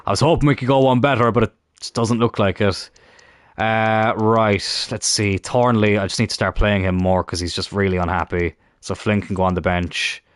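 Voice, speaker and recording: A man's voice: lowish voice, fairly even intonation, moderate pace, dry recording, studio quality. A man casually commenting on a football management game, often grumbling and swearing at it. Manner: frustrated, muttering, swears at the game. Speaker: gaming YouTuber.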